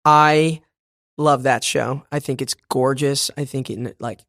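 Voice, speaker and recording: A young man from Boston, a stage actor and podcast guest, chats casually with a slight Boston accent, laughing often and full of fillers and restarts. His medium-pitched voice is steady and a bit bright, at a slow pace. The recording is dry and studio quality.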